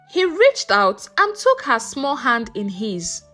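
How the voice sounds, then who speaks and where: A woman narrating a folktale in a slow, expressive storytelling manner. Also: a little high, faint music behind.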